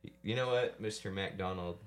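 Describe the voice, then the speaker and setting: A man's voice: sits low, fairly quick, very noisy. A young man co-hosting a casual podcast, reading advice comments aloud with sarcasm and frequent laughter. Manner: sarcastic, laughs often, mock-reads advice. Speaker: podcast co-host.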